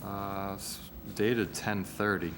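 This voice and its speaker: A man's voice: on the low side, fairly even intonation, slow, noisy background. A man speaking matter-of-factly at a town meeting. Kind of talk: public meeting discussion.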